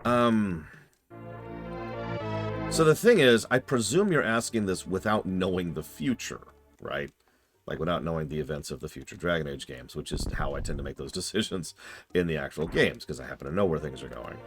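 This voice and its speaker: A man's voice: deep voice, animated, normal speed, over music. A man streaming live, casually answering chat questions in a rambling, self-deprecating way.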